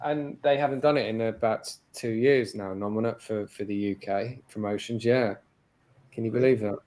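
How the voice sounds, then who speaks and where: A man's voice: lowish voice, steady tone, normal speed, a little mellow. A British man, a guest on an interview show, talking in a casual, chatty way with many "you know" and "like" fillers. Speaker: interview guest, domain investor.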